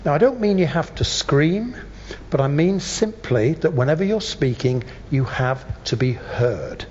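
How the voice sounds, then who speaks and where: A man teaching a workshop as a voice coach, speaking emphatically with deliberate pauses. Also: a little high, expressive, a little mellow, a little hiss or hum. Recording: dull sound in a reverberant room.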